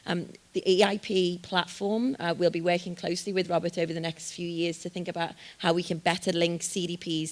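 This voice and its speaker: Upbeat Liverpool woman on a panel. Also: lowish voice. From England. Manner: upbeat, self-deprecating, repeats words as she thinks. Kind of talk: conference panel answer.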